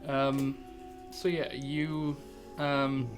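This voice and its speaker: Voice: medium pitch, level tone, extremely slow, over music. Chatty game master narrating. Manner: loose and chatty, full of fillers. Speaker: dungeon master.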